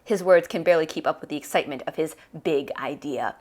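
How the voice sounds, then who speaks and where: A woman's voice: low-pitched, quick pace, hardly any pauses, darkish tone. A woman hosting her book review, speaking expressively and reading passages aloud with dramatic emphasis.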